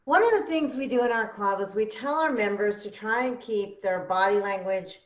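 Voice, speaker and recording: A woman's voice: medium pitch, normal speed. A woman on a video call, politely and methodically asking a question. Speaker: club member asking a question. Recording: roomy, dull video-call audio.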